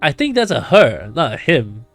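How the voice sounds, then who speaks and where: Jokey male streamer, animated pitch. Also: moderate pace, soft background music. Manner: jokey, laughs and riffs while reading a game. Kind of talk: casual live-stream commentary.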